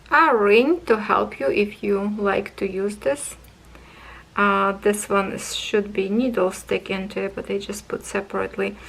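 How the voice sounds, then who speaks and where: Slow-talking enthusiastic woman crafter. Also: mid-range voice, gravelly, fairly bright tone, slightly rough, poor audio. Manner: slow, enthusiastic, talks to viewers as friends. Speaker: craft channel host. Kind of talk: casual unboxing review.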